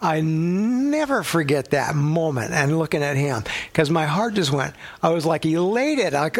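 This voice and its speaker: Middle-aged pastor guy, kinda gravelly, chatty sermon w stories, slightly high voice. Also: animated, unhurried, hardly any pauses. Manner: conversational, with personal stories and props. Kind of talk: sermon teaching.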